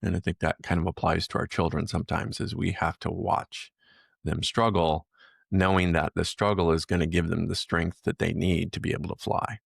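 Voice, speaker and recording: A man's voice: deep voice, flat delivery, moderate pace, gravelly, husky, no room sound, clean studio sound. A man co-hosting a podcast, talking reflectively in casual chat and explaining his point through a metaphor. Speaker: podcast co-host.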